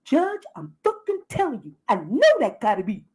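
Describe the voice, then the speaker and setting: Woman voicing a brash gossip host, high voice, swooping pitch, husky, bossy profane orders. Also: huge pitch swings, normal speed, a little mellow, exaggerated voice. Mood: insistent.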